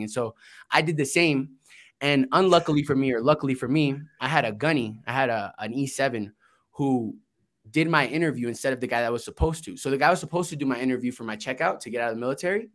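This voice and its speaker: Man guest, grew up in Florida, easygoing storyteller, salty language, plays out conversations, average pitch. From Florida, United States. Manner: laid-back, swears, acts out quoted dialogue. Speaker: guest, investing entrepreneur. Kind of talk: casual storytelling interview.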